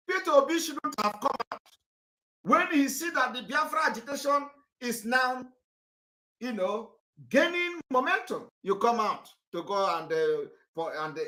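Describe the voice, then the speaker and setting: Nigerian guy ranting politics, high bright voice, swings all over. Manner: fiery, repetitive, rises to shouting. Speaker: political activist. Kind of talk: impassioned political address.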